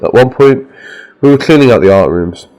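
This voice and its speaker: A man reading a first-person horror story aloud as a scripted narration, with a steady, measured delivery. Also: medium pitch, poor audio.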